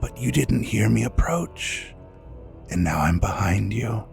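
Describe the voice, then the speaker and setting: A man voicing a menacing vampire stalker in a whispered role-play, slow and taunting, close to the ear. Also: on the low side, expressive, creaky, darkish tone, soft background music, pitched below the performer's own voice, heavily acted.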